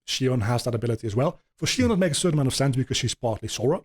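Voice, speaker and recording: A man's voice: medium pitch, animated, racing, slightly rough. A man hosting a podcast, rambling casually with many ums and swears as he explains video game lore. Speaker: podcast host.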